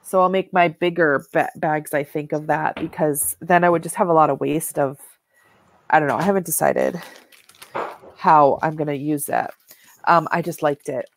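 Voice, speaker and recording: A woman's voice: low voice, steady tone, normal speed, slight background noise. A woman co-hosting a knitting show, chatting casually and showing yarn and fabric to the camera, rambling with many "like"s and "um"s.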